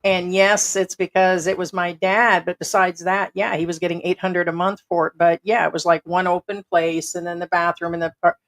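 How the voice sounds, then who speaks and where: A woman's voice: on the low side, level tone, normal speed, hardly any pauses, fairly bright tone. A middle-aged American woman hosting a casual livestream from home, rambling and blunt with casual swearing. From United States. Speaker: livestream host.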